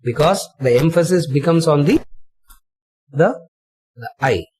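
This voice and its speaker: A man teaching a retreat lecture on scripture, slow and emphatic, repeating phrases and asking rhetorical questions. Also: fairly high pitch, animated, darkish tone, a little hiss or hum. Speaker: spiritual teacher.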